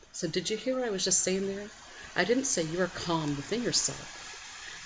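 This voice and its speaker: A woman with a very low voice hosts a spiritual morning program, giving a calm, reflective guided meditation talk from home at night. She speaks slowly and gently with long pauses and sudden lively rises, and the home recording is muffled with faint hiss.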